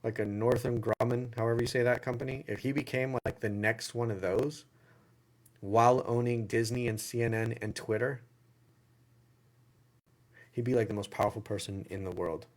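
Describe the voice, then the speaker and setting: A man's voice: mid-range voice, steady tone, moderate pace, pauses often. Rambling Southern US man hosting. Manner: rambling, repeats phrases and restarts. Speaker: livestream Q&A host. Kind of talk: casual livestream chat.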